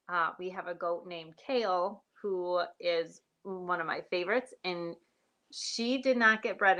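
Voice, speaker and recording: A woman's voice: on the low side, fairly bright tone. A woman farmer hosting a live stream, chatting in a rambling way and greeting viewers by name. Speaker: sheep and goat farmer hosting a livestream. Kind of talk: casual live-stream chat.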